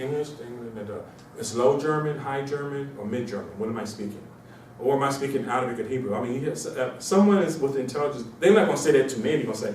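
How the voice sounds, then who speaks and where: A man from Mauritania giving an informal, animated lecture to a small audience, repeating himself and slipping into mocking voices. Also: medium pitch, a little hiss or hum. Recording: echoey room, distant mic.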